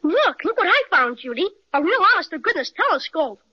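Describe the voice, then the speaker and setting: A woman voicing an eager, excitable young boy in a 1930s radio drama, full of exclamations and old-fashioned slang. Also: extremely high pitch, a little fast. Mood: excited. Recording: dull old radio transcription.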